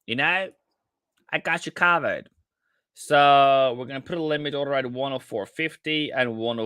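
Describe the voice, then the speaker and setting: A man with a medium-pitched, bright, forceful yet smooth voice hosts a casual live trading stream in studio quality with no echo. He chats directly with viewers, calling them mate and brother, with many restarts.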